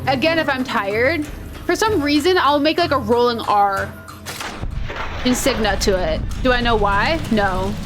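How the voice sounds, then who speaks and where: A woman's voice: fairly high pitch, a little slow, music in the background. A woman with a Minnesotan accent, chatting in a rambling, playful way while she plays a video game. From Minnesota, USA. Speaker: gaming video host. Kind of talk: casual chat over gameplay.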